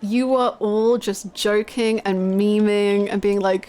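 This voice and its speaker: A young British woman streaming a game and chatting with viewers, telling stories in an animated, laughing way. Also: medium pitch, takes it slowly, hardly any pauses. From United Kingdom. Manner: animated, laughing storytelling, reading chat aloud. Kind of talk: casual live-stream chat with viewers.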